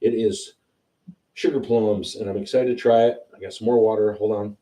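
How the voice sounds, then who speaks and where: A man hosting a whiskey tasting livestream, chatting casually and excitedly as he tastes. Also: fairly low pitch, normal speed, far from the mic, background noise. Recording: roomy sound, a bit off-mic.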